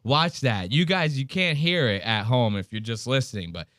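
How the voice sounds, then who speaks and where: A man's voice: mid-range voice, expressive, moderate pace, a bit bright, no echo, studio quality. A man hosting a casual podcast, telling a story with lots of swearing, laughter and acted-out quotes. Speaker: podcast host.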